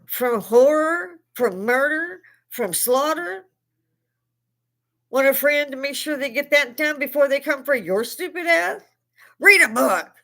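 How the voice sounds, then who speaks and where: An older woman hosting a live stream, delivering a heated, profane political rant that keeps rising into shouting. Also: high voice, animated, measured pace. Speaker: livestream host. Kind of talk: veteran speaking.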